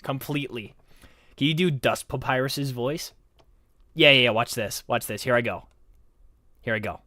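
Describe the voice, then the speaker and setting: A man's voice: medium pitch, normal speed, sharp tone, no echo, lightly acted. A young man streaming in character as a laid-back male skeleton fan character, casual, giggly and self-mocking. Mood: easygoing. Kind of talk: in-character livestream chat.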